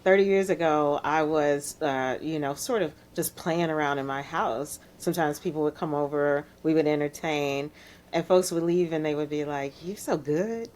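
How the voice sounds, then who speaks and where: A middle-aged woman from Chicago, a DJ guest telling her story in a soft-spoken, reflective way with frequent laughs. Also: low-pitched, steady tone, normal speed. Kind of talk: relaxed storytelling interview.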